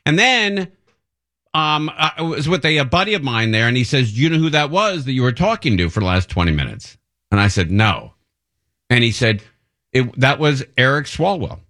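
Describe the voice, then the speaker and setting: A man's voice: medium pitch, big pitch swings, moderate pace, sharp tone. A middle-aged man hosting a radio show, telling anecdotes in an easygoing, rambling way and correcting himself as he goes. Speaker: radio host. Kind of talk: casual chat, anecdote telling.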